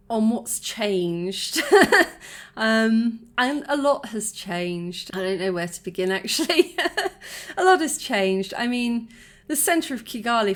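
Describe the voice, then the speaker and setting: A woman in her forties talking casually to camera, chatty and reflective, often laughing and restarting her sentences. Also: on the high side. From United Kingdom. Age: 40s. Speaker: vlogger.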